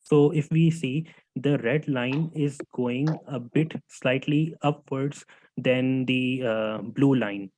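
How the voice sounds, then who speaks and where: Male student, mid-range voice, halting class presentation, dry sound. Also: medium pitch, darkish tone, no room sound, poor audio. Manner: hesitant, many fillers and restarts; addresses teacher as sir.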